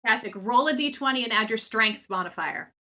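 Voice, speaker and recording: A woman narrates a tabletop game as its game master, with an animated delivery. Her voice is bright and forward. The sound is muffled and lo-fi, like a streamed call. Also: a little high, fairly quick.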